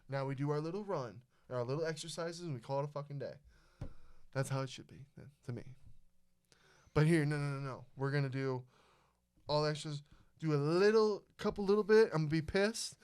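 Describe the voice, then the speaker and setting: A young man hosting a podcast, telling a story in casual chat, animated and swearing a lot. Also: fairly high pitch, smooth. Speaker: podcast host.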